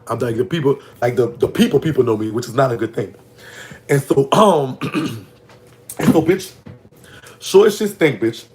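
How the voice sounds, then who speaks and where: A man's voice: mid-range voice, expressive, normal speed, pauses often, darkish tone. A man with a Louisiana Southern accent telling a prison story in casual, gossipy storytime talk, his voice leaping up when he reacts to comments. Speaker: vlogger telling prison stories.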